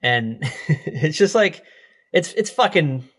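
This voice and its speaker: A man's voice: a little high, big pitch swings, takes it slowly, breathy edge. A man co-hosting a podcast, casually recapping a TV episode, laughing often and swearing freely. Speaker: podcast co-host.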